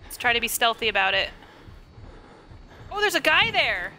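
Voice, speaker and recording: A woman's voice: on the high side, sing-song, moderate pace, bright, forceful tone. A young woman streaming a game live, chatting to the game and greeting her viewers. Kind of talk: live gameplay commentary.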